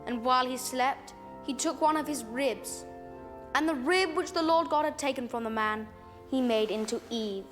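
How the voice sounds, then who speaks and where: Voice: sits high, moderate pace, a bit bright. A child actor playing a prim church official who reads scripture solemnly in a sketch comedy. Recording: music and audience laughter behind.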